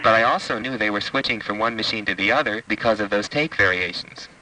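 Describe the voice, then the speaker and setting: A man who is a telephone buff explains technical details on a call, eager and precise. His voice is lowish and very sharp, and he sounds set back from the mic. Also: fast, distant mic, poor audio. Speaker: telephone enthusiast. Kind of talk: phone conversation.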